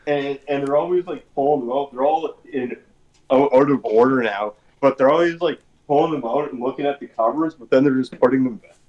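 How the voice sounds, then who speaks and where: A man's voice: medium pitch, a little fast, lo-fi sound. A man co-hosting a podcast from his home basement, easygoing and agreeable in casual chat. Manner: easygoing, agreeable, many short backchannels. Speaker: podcast co-host.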